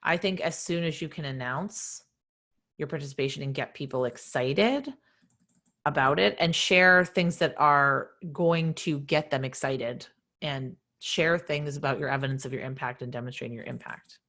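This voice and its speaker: Low-voiced woman coaching with energy. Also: normal speed, fairly bright tone. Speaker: nonprofit fundraising consultant. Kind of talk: live online office hours Q&A.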